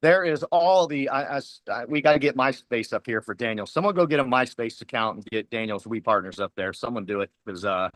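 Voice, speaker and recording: Brief: male team leader, mid-pitched, emphatic motivational speech. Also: a little fast, hardly any pauses, a bit bright, dry recording. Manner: fiery, preachy, emphatic repetition. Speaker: team leader speaking at a company huddle. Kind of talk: motivational pep talk.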